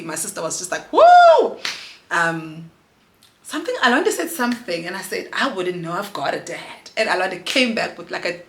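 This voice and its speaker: A woman in her thirties speaks to camera in a low but bright, forward voice, earnest and emotional, dropping in local words as she goes. The room around her rings with a noticeable echo. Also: slight background noise. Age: 30s. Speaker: vlogger and mother. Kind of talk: candid personal vlog. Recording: roomy echo.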